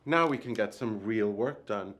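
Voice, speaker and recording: An actor playing a flamboyant, sarcastic male djinn spirit who speaks with theatrical, drawn-out emphasis in a film drama. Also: fairly low pitch, fairly bright tone, natural voice. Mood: brisk, sarcastic. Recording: roomy echo with faint music.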